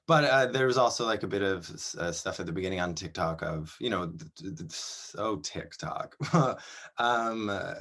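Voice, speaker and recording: A man in his thirties from Canada, a performer talking in a casual interview, chatty and animated, laughing often between his words. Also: low voice. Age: 30s. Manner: chatty, animated, quick to laugh, many fillers.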